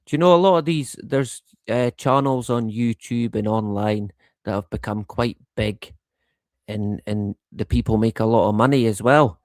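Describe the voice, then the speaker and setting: Man, middle-aged, live-stream host, slow unhurried delivery, dry close sound, rambling, swears and chuckles. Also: medium pitch, a little mellow, no room sound. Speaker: livestream host. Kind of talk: casual live-stream chat.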